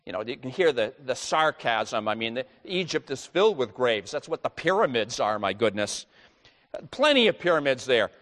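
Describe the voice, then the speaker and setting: A man's voice: medium pitch, sing-song, moderate pace, fairly bright tone, long reverb tail. A man preaching a sermon, teaching through scripture with emphatic rising stresses. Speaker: pastor.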